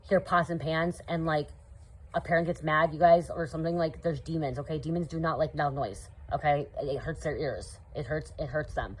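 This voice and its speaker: A woman with a slightly low voice talks straight to her viewers in a loose, rambling stream of spiritual advice. She keeps asking "okay?" and filling gaps with "you know", coaching rather than lecturing. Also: breathy edge. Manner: earnest, coaching tone addressing viewers. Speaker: spiritual content creator. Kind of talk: casual spiritual advice monologue.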